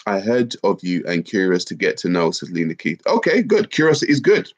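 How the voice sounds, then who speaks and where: A man's voice: low voice, fairly quick. A man, bunged up with a cold, hosting a casual livestream and reading out viewer comments. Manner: reads viewer comments aloud, lively and chatty. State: congested, bunged up. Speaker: livestream host. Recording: dull lo-fi stream audio.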